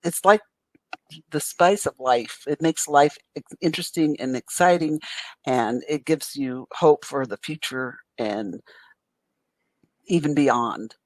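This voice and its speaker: An older woman co-hosting a casual talk show, reacting with enthusiasm and exclaiming how exciting it all is. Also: low voice, slow, no room sound, poor audio. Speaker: radio show co-host. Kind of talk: casual paranormal investigation chat.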